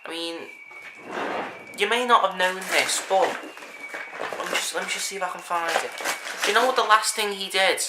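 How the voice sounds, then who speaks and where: A man's voice: high voice, moderate pace, pauses often. A man talking casually to camera, earnest and rambling, often restarting his sentences. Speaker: vlogger. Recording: echoey room with faint background hiss.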